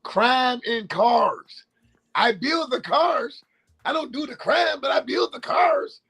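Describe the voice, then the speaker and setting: A man's voice: very high voice, expressive, slow pace, gravelly, husky. A man co-hosting a live sports talk show, teasing his partner and cracking jokes. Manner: teasing, jokey, bursts into shouting.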